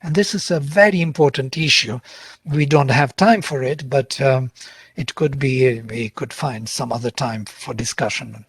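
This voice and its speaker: A man's voice: medium pitch, normal speed, breathy edge, dry recording. A man, a linguist and guest speaker, answering a question in an explanatory way and checking that listeners follow. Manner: explanatory, checks understanding with "yeah?". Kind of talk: lecture answer on an online call. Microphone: video call.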